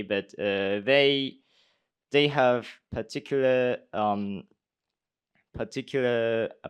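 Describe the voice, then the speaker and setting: Slow, halting young man. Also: lowish voice, smooth. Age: young adult. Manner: halting, many pauses and fillers. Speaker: speech contestant answering judges. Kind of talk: live Q&A answers.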